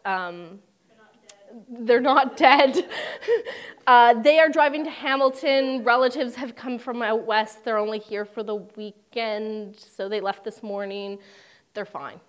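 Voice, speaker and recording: A woman's voice: fairly high pitch, unhurried, clear, resonant tone. A young woman preaching a sermon in a conversational way, with humorous asides and dramatic quoted voices.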